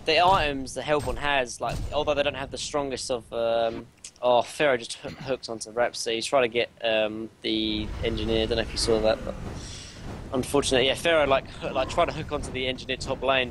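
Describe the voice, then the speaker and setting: A hoarse young man breaks down a live esports match at a mid pitch, his analysis loose and full of fillers. Noticeable background noise runs under the stream audio. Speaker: color commentator.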